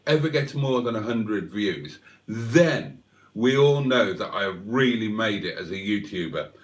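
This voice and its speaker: A man's voice: medium pitch, distant mic. A man hosting a livestream and reading out chat in a playful, wry, mock-theatrical way. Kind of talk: casual chat.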